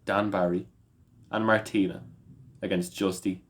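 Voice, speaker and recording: A man's voice: low voice, level tone, a little slow. A tired Irish man co-hosting a podcast, rambling and stumbling through recaps in casual chat. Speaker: podcast co-host.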